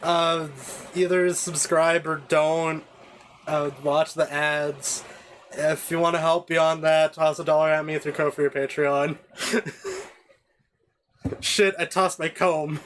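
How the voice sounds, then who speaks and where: A man's voice: a little high, flat delivery, slow pace, pauses often, a bit bright, slight background noise. A man streaming a game, chatting casually with viewers and rambling with many fillers and restarts at a home desk mic.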